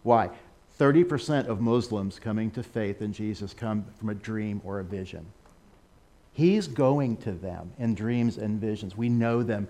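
An American man giving a sermon over a slideshow, animated, with laughing asides and excited exclamations. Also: fairly low pitch, unhurried. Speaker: missionary speaker.

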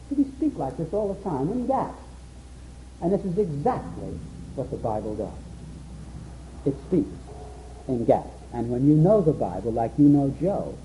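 A man's voice: fairly high pitch, highs cut off, a little hiss or hum. A man teaching a Bible sermon, acting out quotes and dialogue in a raised voice. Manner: animated, acts out quotes in a raised voice. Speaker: preacher.

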